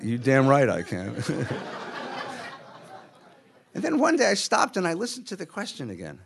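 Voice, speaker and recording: A man's voice: medium pitch, a little slow, creaky, long pauses. A middle-aged man, a rabbi, telling stories in a sermon and acting out the people in them. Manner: animated storyteller acting out voices. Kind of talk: storytelling sermon.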